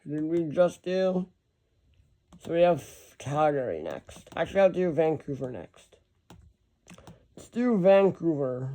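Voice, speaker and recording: Higher-voiced man rambling over hockey schedules. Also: very animated, unhurried, pauses often, warm tone. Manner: rambling, self-correcting, reading off lists of teams. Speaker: hockey vlogger. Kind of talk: casual thinking-aloud commentary.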